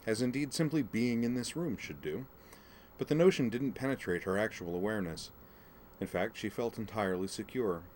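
A man narrating a story aloud at an even, unhurried pace. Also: on the low side, slight background noise. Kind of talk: audiobook narration.

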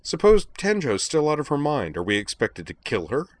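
Brief: male reader voicing an indignant schoolgirl, shrill and disbelieving, storybook reading. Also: wildly swooping pitch, normal speed. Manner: incredulous, rising to a high pitch. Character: young female student, shrill and indignant. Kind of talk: audiobook reading of fan fiction.

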